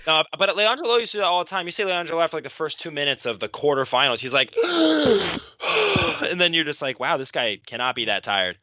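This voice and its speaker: A man's voice: fairly high pitch, fast talker, hardly any pauses, dry recording, dull audio. A man co-hosting a podcast, playfully commenting on grappling matches with a friend. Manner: lively, playful, teasing. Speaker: podcast co-host. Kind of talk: casual live commentary chat.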